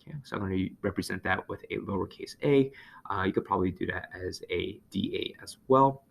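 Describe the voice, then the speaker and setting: A man teaching physics, working through a problem aloud with many fillers and quick self-corrections. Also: low voice, vocal fry. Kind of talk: lecture over a whiteboard.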